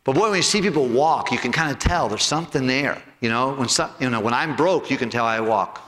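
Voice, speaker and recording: A male pastor preaching a sermon and telling a personal story in earnest, sinking low and soft when he quotes people. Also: lively intonation, a little fast. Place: church sanctuary. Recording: long hall reverb.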